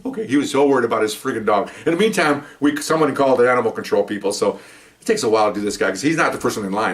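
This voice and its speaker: An older man, a retired police officer, telling stories in a casual, rambling way with frequent restarts and asides. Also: lowish voice. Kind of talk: casual anecdotal storytelling.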